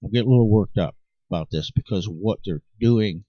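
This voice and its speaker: With a lowish, warm voice and a brisk delivery, this man pours an emphatic, insistent monologue out to his viewers, repeatedly starting his sentences over. He hosts the channel, and the lo-fi audio is dry and dull, with no room sound.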